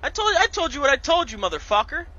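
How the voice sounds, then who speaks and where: A man's voice: very high voice, sing-song, fast talker, pushed and bright, highs cut off. A man taunting and trash-talking someone outdoors near a car. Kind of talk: street argument clip.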